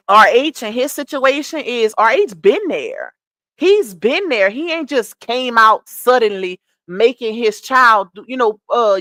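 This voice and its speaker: A woman's voice: high voice, sharp tone, no room sound. Chatty woman hosting a gossip stream. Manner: chatty, addresses chat viewers by name. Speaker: live stream host. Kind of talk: gossip commentary chat.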